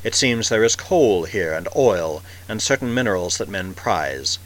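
Old alien elder, male, grave and sorrowful, slow heavy delivery; a male reader voices him. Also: on the low side, lively intonation, a bit bright, poor audio.

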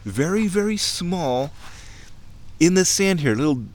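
A man's voice: a little high, sing-song, a little slow. A man narrating casually while walking outdoors along a wooded creek. He is playful and chatty, mimicking sounds and chuckling often. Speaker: nature vlogger. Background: faint outdoor ambience.

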